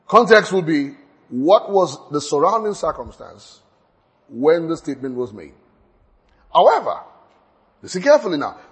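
Man teaching Scripture with emphatic repeats. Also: fairly high pitch. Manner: repeats key points, stammers and restarts, laughs at own slips. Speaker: Bible teacher. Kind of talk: teaching sermon.

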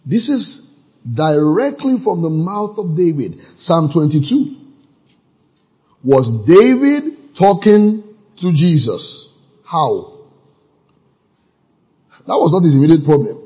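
Male preacher, husky and raised in pitch, reads verses and quizzes the congregation. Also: sing-song, slow pace, pauses often, warm tone, highs cut off. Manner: questions the congregation and reads scripture aloud, rising to emphatic peaks. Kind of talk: call-and-response sermon.

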